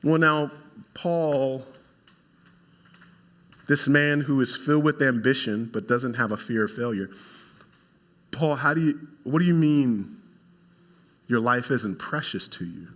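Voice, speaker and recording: A man, a pastor, preaching a sermon in an animated way and talking straight to his congregation. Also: mid-range voice, slow, pauses often.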